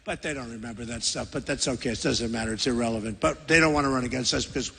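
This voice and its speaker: A man's voice: mid-range voice, fast talker, gravelly, pushed and bright, husky. A man in his sixties giving a boastful, rambling, repetitive campaign rally speech in a large convention center. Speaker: political candidate. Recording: long hall reverb.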